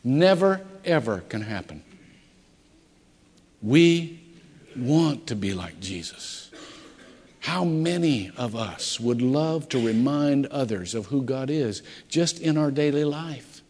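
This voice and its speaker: A man's voice: mid-range voice, animated, slow. Middle-aged man, pastor, conversational sermon with big dynamic swings, recorded in a reverberant church sanctuary. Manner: conversational storytelling with dramatic swings in loudness. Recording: echoey church hall.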